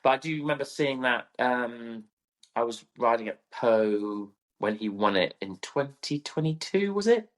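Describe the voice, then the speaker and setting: A man's voice: medium pitch, lively intonation, measured pace. A man co-hosting a podcast, enthusiastic and gushing as he chats. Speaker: podcast co-host, event rider. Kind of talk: casual chat.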